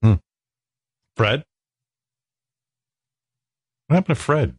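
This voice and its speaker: A man's voice: medium pitch, very slow, breathy edge, dry recording, studio quality. A man hosting a radio show, telling stories in a casual, joking way with some swearing. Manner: joking, profane, animated storytelling. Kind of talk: casual chat.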